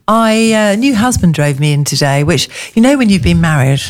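A woman's voice: lowish voice, lively intonation, moderate pace. A woman co-hosting a radio show from the studio, talking in a chatty, rambling way and laughing easily. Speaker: radio co-host. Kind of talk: casual radio chat.

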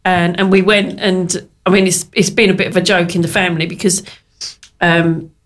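A woman's voice: fairly low pitch, little pitch movement, normal speed. Chatty woman telling a story. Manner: chatty storyteller, laughs often, many fillers. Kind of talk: casual chat.

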